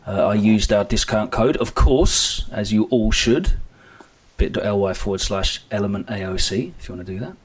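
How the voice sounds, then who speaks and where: A young man hosting a casual podcast, relaxed and chatty with lots of filler words. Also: fairly low pitch, normal speed. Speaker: podcast host.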